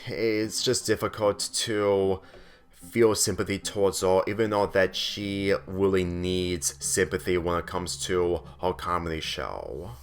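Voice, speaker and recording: A man's voice: sits low, unhurried, clean tone. A man giving a rambling cartoon review commentary, circling back on the same phrases. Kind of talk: spoken video commentary.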